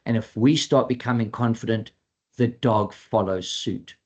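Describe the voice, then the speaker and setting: A man speaking as a dog trainer in a webinar presentation, talking in a chatty, animated way and acting out what clients and dogs might say. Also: medium pitch, a little slow, husky, dull audio.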